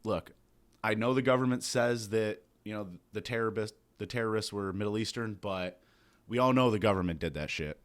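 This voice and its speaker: A young man hosting a comedy podcast, ranting loudly and profanely in mock outrage, hungover. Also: lowish voice, a little fast. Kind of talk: satirical comedy rant.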